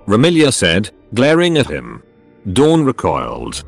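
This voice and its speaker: A synthetic male voice narrates a story in an even, mechanical way. It sits low and rises and falls a lot in pitch. Soft music runs quietly underneath. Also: measured pace.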